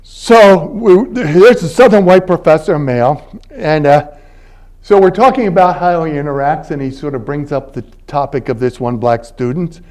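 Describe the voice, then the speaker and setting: A man's voice: on the high side, moderate pace, a little mellow. An older man from Philadelphia giving a university lecture in a conversational, anecdotal way, laughing between points. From Philadelphia, United States. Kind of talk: academic lecture. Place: university library event space.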